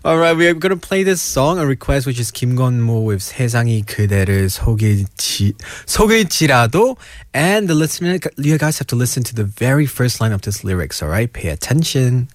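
A man's voice: mid-range voice, big pitch swings, fast, no echo. A playful man co-hosts a casual radio chat, laughing easily and dropping in the odd Korean word. His voice moves around a lot as he talks. The sound is dry and close. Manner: playful, laughs often, mixes in Korean words. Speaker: radio show co-host.

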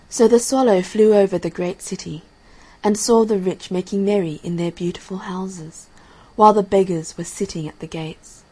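Husky-voiced woman reading a storybook. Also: fairly low pitch, darkish tone, low-quality recording.

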